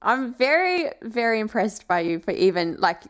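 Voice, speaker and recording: A woman's voice: a little high, big pitch swings, moderate pace, a bit bright, clear, resonant tone. A woman hosting a podcast interview, chatty and encouraging, laughing often as she asks questions. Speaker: podcast host and marketing coach. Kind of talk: casual interview chat.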